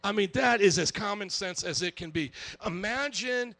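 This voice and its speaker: A man preaching a sermon as a pastor, telling stories with lots of energy, acting out other people's voices and shouting now and then. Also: high voice, moderate pace, no echo. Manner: animated storytelling, acts out voices, shouts.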